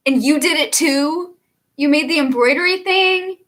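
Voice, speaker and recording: Giggly bright-voiced young woman streamer. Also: high-pitched, moderate pace. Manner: giggly, laughs often, reads viewer comments aloud. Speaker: singer-songwriter hosting a livestream. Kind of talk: casual livestream chat.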